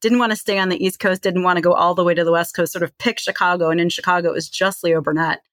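A woman's voice: on the low side, steady tone, fast, fairly bright tone, no room sound. A middle-aged woman from Virginia with a Midwestern accent, chatting as an interview guest with lots of fillers. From Charlottesville, Virginia. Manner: chatty, many "like" and "you know" fillers. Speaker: guest, tech CEO. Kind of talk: casual interview talk.

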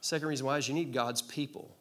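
A man preaching a sermon to a congregation in a relaxed, conversational way, cracking jokes and asking the room to answer back. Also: mid-range voice, fast talker. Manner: conversational, joking, asks the crowd to respond. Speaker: pastor. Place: church hall with congregation.

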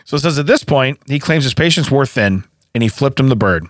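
A man's voice: mid-range voice, fairly quick, no room sound. A man co-hosting a casual comedy podcast, laughing often as he tells stories, recorded on a studio mic. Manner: laughs often, animated storytelling. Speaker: podcast co-host.

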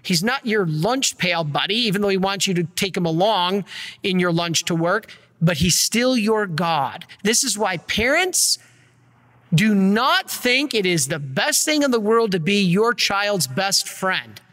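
Man preaching in a bright, echoing voice. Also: sits high, expressive, unhurried. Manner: conversational preaching with asides and repeated restarts. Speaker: priest. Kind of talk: sermon.

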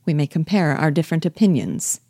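A woman reading a reserved, proud gentleman who speaks gravely and coolly. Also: deep voice, fairly quick, no echo, studio quality. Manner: grave and cool.

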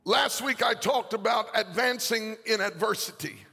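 A pastor preaching a sermon to a congregation in a large church, his delivery rising into a sing-song cadence and shouted peaks. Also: high voice, normal speed, creaky, slightly rough. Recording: long hall reverb, faint music.

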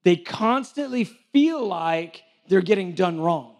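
A man with a high-pitched voice delivers a sermon. He talks casually and acts out imagined back-and-forth conversations. He often stumbles and restarts his sentences as he goes. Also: expressive, slow pace, darkish tone, faint music behind. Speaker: church director preaching.

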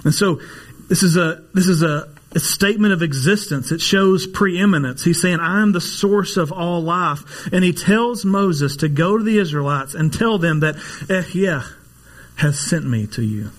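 A man's voice: fairly high pitch, moderate pace. A man preaching a casual sermon, a pastor who jokes and makes nerdy asides. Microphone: live stream.

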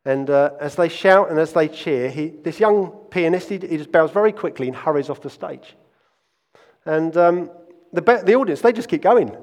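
A man's voice: on the high side, a little mellow, in a large hall. A man, preaching a sermon and telling stories earnestly, often restarting his phrases. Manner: earnest storytelling with frequent restarts. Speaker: pastor.

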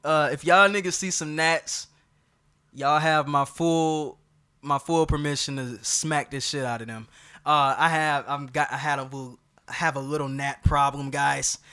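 Male podcast host, fairly high, clear voice; loud, slangy, hyped casual talk. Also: steady tone, a little slow.

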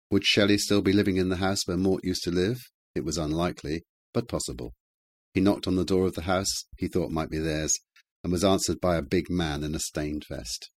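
Deep, husky male narrator. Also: dry recording. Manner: measured, even storytelling. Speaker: audiobook narrator. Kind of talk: scripted narration.

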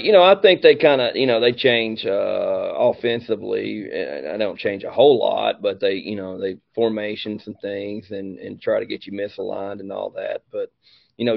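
Gravelly, halting football coach. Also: male voice, lowish voice, no echo, muffled recording. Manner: halting, leans on "you know" and repeats himself. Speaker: high school football coach. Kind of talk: casual interview answers.

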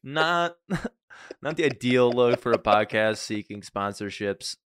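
A man's voice: medium pitch, expressive, takes it slowly, fairly bright tone, clean tone, dry recording. A man co-hosting a casual podcast, joking around and slipping into mock voices for the people he talks about. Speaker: podcast co-host. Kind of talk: casual chat.

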